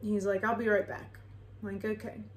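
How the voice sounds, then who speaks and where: A woman's voice: medium pitch, level tone, moderate pace. Chatty young woman in an echoey room. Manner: chatty, rambling, swears freely, filler-heavy. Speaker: vlogger. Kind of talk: casual storytime.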